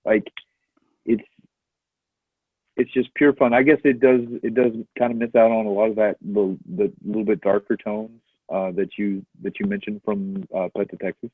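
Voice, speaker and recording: A man talking casually on a movie podcast, easygoing and nostalgic, with plenty of fillers. His voice sits low and husky, and it comes through a narrow, phone-like line that is dry and close. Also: fairly even intonation, normal speed, no room sound. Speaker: podcast co-host.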